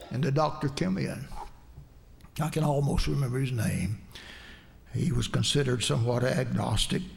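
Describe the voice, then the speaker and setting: Male preacher, gravelly and a touch high; earnest sermon storytelling with emphatic climbs. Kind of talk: sermon with personal testimony.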